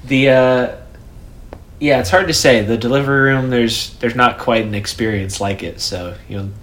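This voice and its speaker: A young man with a mid-range voice talks in a relaxed podcast conversation. He jokes around but turns sincere when he looks back on something. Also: medium pitch, moderate pace, slight background noise. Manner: joking, earnest when he reflects. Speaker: podcast co-host. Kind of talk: casual chat.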